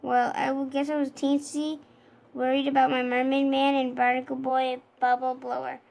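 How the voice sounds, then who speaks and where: Storybook sponge boy, fretful and earnest, high voice; a woman reads him. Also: level tone, moderate pace, vocal fry, darkish tone. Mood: sheepish. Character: cheerful, anxious young sponge boy.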